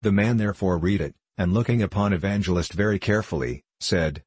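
Male audiobook narrator, deep and husky, measured formal delivery, dry close sound. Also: darkish tone, dry recording. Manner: measured, formal old-fashioned phrasing. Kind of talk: audiobook narration of an old allegory.

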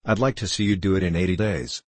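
An excitable gentleman card player who presses every objection, as a male narrator puts him on. His voice is deep and husky. The recording is dry and close. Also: fast, dry recording. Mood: agitated. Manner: agitated and insistent. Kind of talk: audiobook dialogue reading.

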